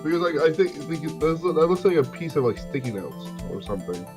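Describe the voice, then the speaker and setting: A man's voice: on the high side, very animated, brisk. Casual man playing a game, rambling, faint background music. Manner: rambling, thinking aloud. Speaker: game player voicing characters. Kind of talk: casual let's-play chat.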